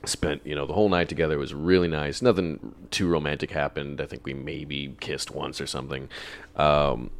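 A man's voice: a bass voice, gravelly, smooth, no echo. A young man in casual chat, telling a long personal story in a rambling way, swearing freely and laughing often. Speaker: podcast guest telling a story.

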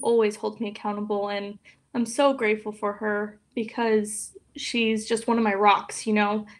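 A young woman speaking as a podcast guest, talking openly and emotionally in a casual, soft way with many fillers. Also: medium pitch, flat delivery, moderate pace. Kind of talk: casual interview chat.

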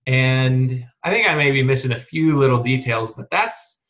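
Male host, casual book chat, relaxed retelling, average pitch. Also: normal speed. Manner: relaxed retelling with fillers and laughs. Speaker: podcast host.

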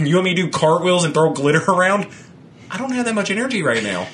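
A man in casual chat who rants with lots of swearing, laughs as he talks, and mocks other people in flat put-on voices. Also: high-pitched, fast. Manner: laughs often while talking.

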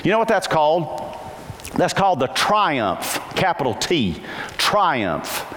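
Long hall reverb and a little noise surround a male pastor's lively sermon. He regularly asks the congregation questions and slows down for quotations, singing them out with wide jumps in pitch.

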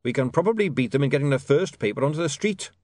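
A blunt, stubborn dwarf printer, as a male reader puts him on speaks loudly, a notch higher than the reader's own voice. His storybook delivery is very dry and close, with a lively pitch that rises and falls. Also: fast talker, no echo, natural voice. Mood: firm.

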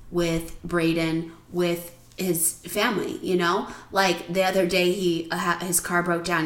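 A woman co-hosting a casual podcast, telling stories with animated retellings. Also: fairly low pitch. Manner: animated storyteller, acts out quoted people loudly. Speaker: podcast co-host. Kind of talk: casual chat, storytelling. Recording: echoey room.

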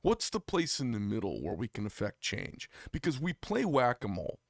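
An American podcast host with a creaky, mid-range voice leads a casual political chat at normal speed, heated and emphatic, with huge pitch swings. When outraged, his voice climbs sharply to near-shouts, and he slips into mild swearing. The recording is dry and studio-clean.

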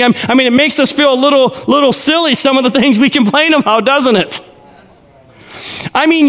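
A male pastor giving a lively verse-by-verse Bible teaching, with joking asides and frequent "okay?" check-ins to the crowd. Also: very high-pitched. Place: large church hall. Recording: long hall reverb.

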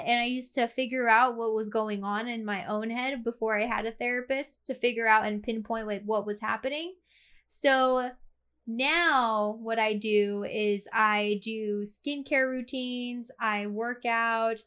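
A woman with a bright, forceful voice pitched a little high chats candidly on a podcast, laughing easily. She has the hiccups. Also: clear, resonant tone. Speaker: podcast co-host. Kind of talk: casual podcast chat.

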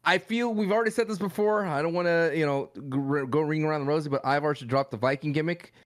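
A man co-hosting a wrestling podcast, animated and playful, often repeating his points. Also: a little high, fast. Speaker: podcast co-host. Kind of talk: casual wrestling podcast chat.

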